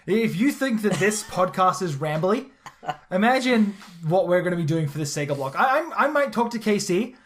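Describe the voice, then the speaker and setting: Excitable, rambling podcast host. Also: medium pitch, normal speed. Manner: excitable, rambling, repeats words when starting sentences. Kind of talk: casual podcast chat.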